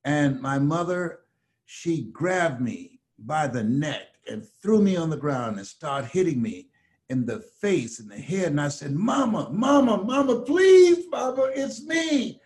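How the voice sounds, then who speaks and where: An older man from the United States speaks as a motivational guest. He talks slowly and emphatically, leaning on words like a preacher, in a voice of ordinary middle pitch. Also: lively intonation, darkish tone. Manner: slow, emphatic preacher-like delivery. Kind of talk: storytelling motivational talk.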